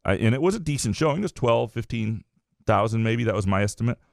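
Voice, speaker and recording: A man co-hosting a casual sports podcast, talking things through in a measured, hedging way. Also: medium pitch, animated, vocal fry, no room sound, clean studio sound. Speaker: podcast co-host.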